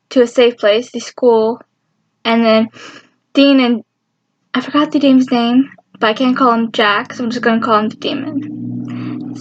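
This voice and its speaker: A young woman with a high voice talks through a show recap in a rambling, excited way and keeps jumping back to her feelings about it. The recording sounds dull and lo-fi, like a simple home setup. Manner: rambling and emotional, with sudden high squeals. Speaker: fan vlogger.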